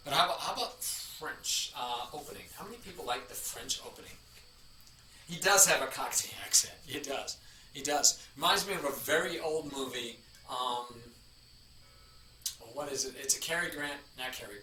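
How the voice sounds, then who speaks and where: A man streams chess in casual live-stream chat, rambling along and greeting chatters by name. His medium-pitched voice moves at a moderate pace with a bright, forceful tone. The recording is distant and echoey, with a little hiss or hum.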